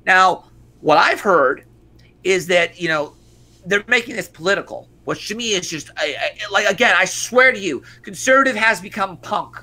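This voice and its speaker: A man's voice: high-pitched, animated, normal speed, sharp tone. A man co-hosting an online show, ranting in profane casual commentary full of stumbling restarts. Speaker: stream co-host.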